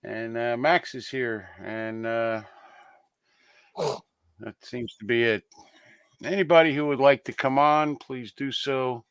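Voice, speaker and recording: A man's voice: mid-range voice, fairly even intonation, slow pace, pauses often, clear, resonant tone, no room sound. Dry, weary male host. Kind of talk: casual live-stream chat.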